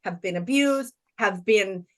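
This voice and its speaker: A woman's voice: mid-range voice, a little slow. A woman hosting a spiritual interview over a video call, explaining her views with rhetorical questions in a reflective way. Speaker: podcast host. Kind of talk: conversational interview.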